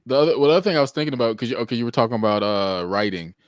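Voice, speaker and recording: A man's voice: mid-range voice, expressive, very fast, no room sound, studio quality. A man co-hosting a podcast who teaches, talking in a reflective, thinking-aloud way. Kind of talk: casual chat.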